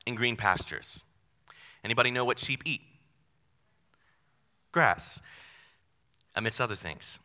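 A man's voice: mid-range voice, slow, pauses often, sharp tone. A young man preaching a sermon in a casual, conversational way, with self-deprecating asides. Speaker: pastor. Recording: long hall reverb.

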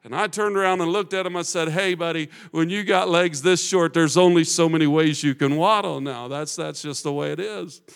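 A male pastor preaching a sermon. He tells stories quietly and builds to loud, fervent passages. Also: normal speed, creaky, few pauses, clear, resonant tone. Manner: rises to fervent loud preaching, drops low for storytelling. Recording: long hall reverb.

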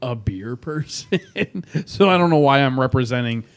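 A man's voice: mid-range voice, lively intonation, normal speed. A young man co-hosting a casual podcast, blunt and sarcastic, swearing often. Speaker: podcast co-host. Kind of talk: casual chat.

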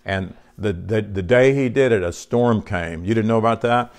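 A man's voice: fairly low pitch, normal speed, darkish tone. A man preaches to his congregation in a folksy, conversational way. He reads scripture aloud and keeps turning to the room with questions. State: short on sleep. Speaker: pastor. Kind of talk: sermon.

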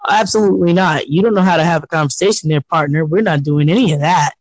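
Man, podcast co-host, slightly high voice, animated storyteller, dry mic. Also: quick pace, no echo, poor audio. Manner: animated storyteller, laughs often, acts out quotes. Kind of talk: casual chat.

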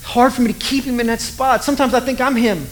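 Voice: medium pitch, steady tone, fast talker, slight background noise, poor audio. A preacher giving a conversational sermon, retelling a scripture story with humor and poking fun at their own faith. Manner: conversational, self-deprecating, storytelling.

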